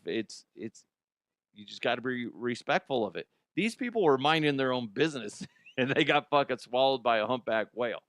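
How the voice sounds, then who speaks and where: A man with a medium-pitched voice hosts a comedy news show, recorded cleanly in a studio with no room sound. He rambles and swears his way through strange headlines, sounding openly incredulous in this casual comedic commentary.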